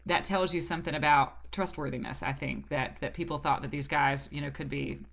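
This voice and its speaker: Southern-accented woman, lowish voice. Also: steady tone, a little fast, vocal fry. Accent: Southern American. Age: 40s. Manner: reflective, restarts often, laughs easily. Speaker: guest. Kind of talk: casual interview talk.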